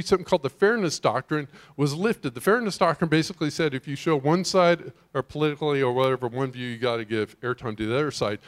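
A man preaching a sermon as pastor, talking conversationally, quizzing the congregation and often restarting his sentences. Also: on the high side.

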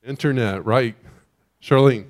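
A man's voice: mid-range voice, measured pace, a little mellow. A man preaching a sermon as pastor, talking conversationally, quizzing the congregation and often restarting his sentences.

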